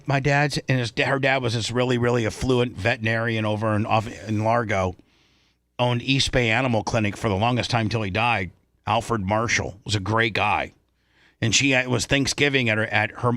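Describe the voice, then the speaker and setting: A man's voice: medium pitch, no room sound, studio quality. A middle-aged male radio host telling a long, rambling story on the air and acting out the voices of the people in it. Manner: rambling, animated, acts out quotes.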